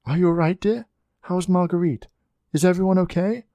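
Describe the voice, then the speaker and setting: A man's voice: sits high, normal speed, dark tone, dry recording, highs cut off, pitched above the performer's own voice. A man voicing a worried mother who speaks tensely and tenderly.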